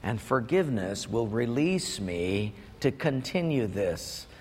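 A man voicing God in a slow, low, solemn and firm way. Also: big pitch swings, a little mellow, breathy edge, big-room sound, heavily acted. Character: God speaking, calm commanding divine voice.

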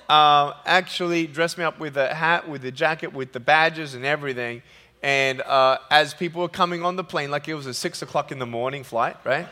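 A man speaking from a stage in a large hall, telling funny stories in an animated sermon. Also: fairly high pitch. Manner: animated, jokey, acts out quotes. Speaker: motivational speaker. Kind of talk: humorous sermon storytelling. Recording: long hall reverb.

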